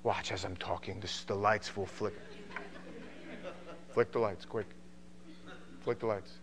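A middle-aged man from New York with a New York accent, teaching a Bible study in a joking, animated way. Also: fairly low pitch, measured pace, noisy background. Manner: joking, animated, does mocking voices. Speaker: pastor.

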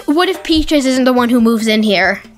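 High-voiced, excitable woman gamer. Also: normal speed. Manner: excitable, talks to game characters. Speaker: let's play host. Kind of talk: casual gameplay commentary. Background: faint game music.

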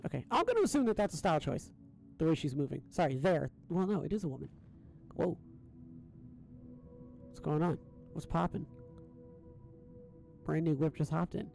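A man's voice: on the high side, big pitch swings, a little fast, gravelly, long pauses, a little mellow, faint music behind. A young man casually commenting on a game stream, rambling and thinking aloud with lots of fillers and restarts, fretting about his audio settings. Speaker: gaming streamer.

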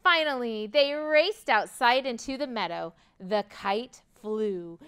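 A woman's voice: on the high side, slow, hardly any pauses, clear, resonant tone. A woman librarian reading a picture book aloud at storytime, asking the children questions and acting out the sounds. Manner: expressive, asks children questions, acts out sounds.

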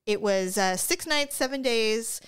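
A woman co-hosting a casual podcast, telling a travel story with lively quoted asides and frequent laughter. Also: on the high side, unhurried, smooth. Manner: chatty storyteller, laughs often, acts out quotes. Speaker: podcast co-host. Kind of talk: casual chat. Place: indoor room with co-hosts. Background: live stream, a third person nearby.

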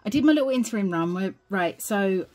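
A woman's voice: mid-range voice, lively intonation, a little fast, darkish tone. A young British woman chatting casually to camera at home, rambling and a little out of breath. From United Kingdom. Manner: chatty, rambling, self-deprecating. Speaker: budgeting vlogger. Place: home, evening.

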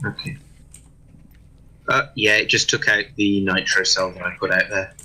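Male gamer, low and husky with a sharp, bright edge; grumbling, swearing delivery. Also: fairly even intonation, normal speed, low-quality recording. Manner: frustrated muttering, swears at tech troubles. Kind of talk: casual chat while playing.

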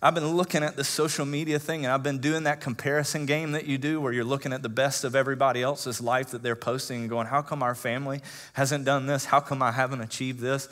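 A pastor in his thirties tells personal stories in his sermon, talking conversationally and using many fillers. He drops into hushed tones before building to loud, emotional emphasis. His pitch is medium with little movement, and he speaks fast.

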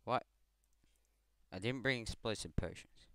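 A man's voice: on the low side, unhurried, fairly bright tone, smooth, no echo. A teenage man from Scotland with a Scottish accent, giving rambling, self-mocking game commentary over a headset mic, swearing often. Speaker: gamer. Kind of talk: gameplay commentary.

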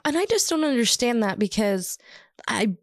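A woman's voice: on the high side, expressive, normal speed, no echo, clean studio sound. A woman co-hosting a podcast, bluntly teasing her co-host and retelling film scenes in casual chat.

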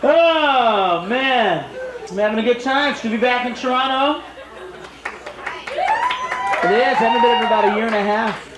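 A man's voice: extremely high pitch, moderate pace, long pauses. A man doing a live stand-up routine, breaking into sudden screaming tirades. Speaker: stand-up comedian. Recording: echoey live club, far from the mic, crowd noise. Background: audience laughter and crowd noise.

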